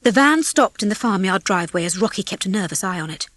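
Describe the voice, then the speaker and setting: A woman reading a children's storybook aloud as narrator, in a lively, expressive way on a close mic. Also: medium pitch, fast, dry recording. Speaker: audiobook reader. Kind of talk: scripted narration.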